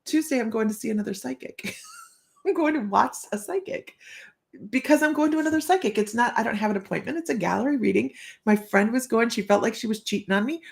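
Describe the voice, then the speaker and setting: A woman's voice: a little high, expressive, fast, creaky. A middle-aged woman hosting a psychic livestream, telling stories casually, laughing often and acting out the voices she quotes. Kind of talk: casual chatty livestream storytelling.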